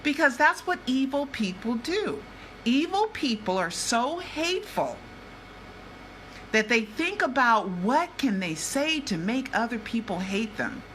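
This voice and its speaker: A woman's voice: on the high side, very animated, measured pace, a bit bright, slight background noise. An older woman who is a vlogger and investigative journalist, talking to her viewers in a chatty, emphatic way that circles back and repeats itself. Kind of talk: casual vlog talk.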